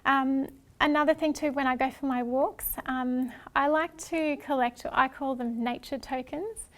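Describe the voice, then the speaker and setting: Woman, high voice, gentle hesitant presenter, frequent fillers. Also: fairly even intonation, measured pace. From Australia. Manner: gentle and hesitant, many ums and restarts. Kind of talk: relaxed presentation talk.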